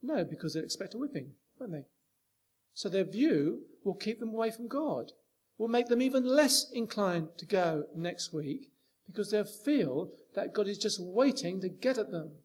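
A man's voice: high voice, animated, moderate pace, darkish tone, slightly rough. A man preaching a sermon, talking with emphatic rises and frequent rhetorical questions to the congregation.

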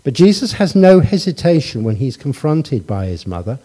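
A man's voice: on the high side, sing-song, moderate pace, mellow, breathy edge. A middle-aged man preaching a sermon, telling a family story and asking his congregation rhetorical questions in a conversational way.

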